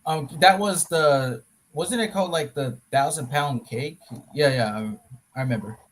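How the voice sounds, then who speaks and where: A man on a casual chat stream, retelling a cartoon episode in an animated, rambling way. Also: a little high, a little slow, poor audio. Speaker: co-host.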